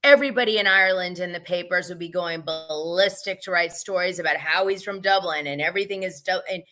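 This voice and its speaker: A woman's voice: lowish voice, fast, bright, forceful tone, faint music behind. A woman hosting a casual gossip live stream, talking frankly and laughing often. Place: home, Los Angeles area.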